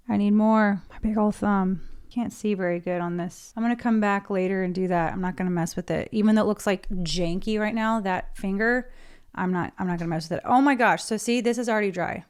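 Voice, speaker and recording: A woman's voice: medium pitch, clean tone. A woman in her thirties casually talking through painting her nails at home into a desk mic, narrating each step as she goes. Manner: chatty, self-narrating while painting nails. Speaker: beauty vlogger. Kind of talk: casual tutorial chat.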